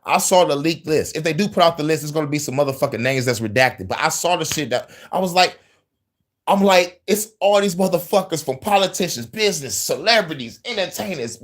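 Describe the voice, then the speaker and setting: A man's voice: a little high, sing-song, fairly quick, fairly bright tone. A man hosting a casual news-commentary livestream, profane and heated, laughing often between angry riffs.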